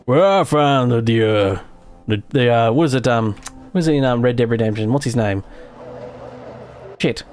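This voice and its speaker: Building in a game on his livestream, an Australian man with a mild accent rambles casually, laughs easily and trails off mid-sentence. His medium-pitched voice is darkish in tone, and he talks at normal speed with frequent pauses.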